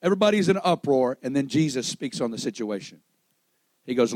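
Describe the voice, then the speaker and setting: A man preaching a sermon, dramatic, swinging between loud exclamation and hushed storytelling, acting out the dialogue in the stories he tells. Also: mid-range voice, expressive, fairly quick, dry recording.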